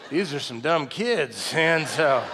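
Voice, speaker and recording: A middle-aged man giving a sermon as pastor. He preaches in a conversational way and tells stories that break into laughs and loud bursts. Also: a little high, lively intonation, slow, a little hiss or hum. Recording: long reverb of a large hall.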